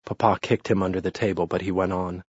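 A man narrating a historical novel in a wry, measured storytelling manner. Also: low-pitched, flat delivery, slightly rough, no room sound. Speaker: audiobook narrator. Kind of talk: scripted narration. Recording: muffled lo-fi recording.

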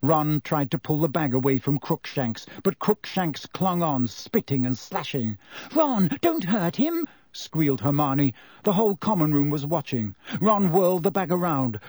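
A man narrating a children's novel in an expressive storytelling manner. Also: fairly high pitch, no echo. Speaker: audiobook narrator. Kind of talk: scripted narration.

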